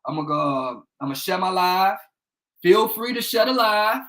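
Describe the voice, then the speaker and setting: A man's voice: high-pitched, expressive, moderate pace, a bit bright, rough recording. A young man from Indiana hosting a casual livestream from a bedroom at home, rambling, swearing freely and calling out viewers by name. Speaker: livestream host. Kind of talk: casual live-stream chat.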